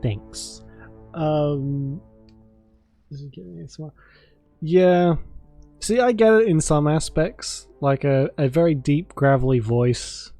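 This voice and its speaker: A man's voice: fairly high pitch, slow pace, long pauses, dark tone, soft background music. A man streaming a video game, chatting and joking casually with his viewers and thanking them. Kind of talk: casual gameplay commentary.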